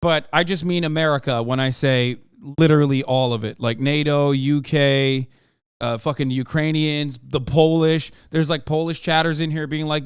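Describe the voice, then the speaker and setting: A male streamer talks politics in a blunt, argumentative way, swearing freely as he answers his chat. His voice sits a little high and comes through smooth and resonant. The sound is close and dry. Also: steady tone, moderate pace, dry recording. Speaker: livestreamer. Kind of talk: casual political commentary to chat.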